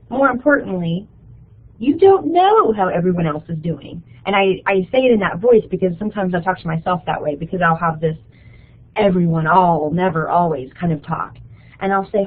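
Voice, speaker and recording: A woman's voice: on the low side, expressive, moderate pace. Woman counselor on a tinny phone-like line. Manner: conversational, checks in with frequent 'okay?'. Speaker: counselor giving a workshop. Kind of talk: workshop presentation.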